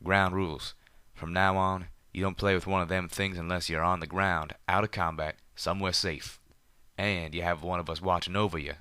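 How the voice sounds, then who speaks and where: A man voicing a gruff, hot-tempered but protective male pegasus with a drawl, scolding loudly. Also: deep voice, level tone, normal speed, dry recording, clean studio sound. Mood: stern.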